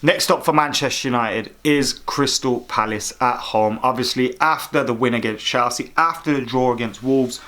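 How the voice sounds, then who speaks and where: A man's voice: medium pitch, normal speed, few pauses, pushed and bright. A man hosting a football fan vlog, giving opinionated commentary in an exasperated, sarcastic rant. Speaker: football fan vlogger host.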